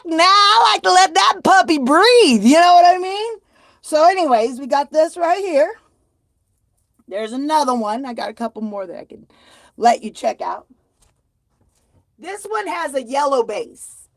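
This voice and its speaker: A woman's voice: extremely high pitch, expressive, normal speed, a bit bright, no room sound. A woman chatting casually on a live stream from home, folksy and self-mocking as she shows off her handmade blankets.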